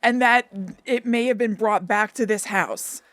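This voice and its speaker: A woman co-hosting a podcast, talking in a casual, animated and incredulous way. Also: on the high side, measured pace, dry recording. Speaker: podcast co-host. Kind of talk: casual chat.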